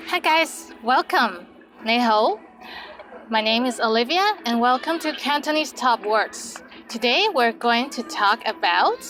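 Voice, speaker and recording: A woman's voice: a little high, expressive, unhurried, fairly bright tone, faint music behind, low-quality recording. A woman teaching Cantonese words, saying each word twice and then giving example sentences. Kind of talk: language lesson.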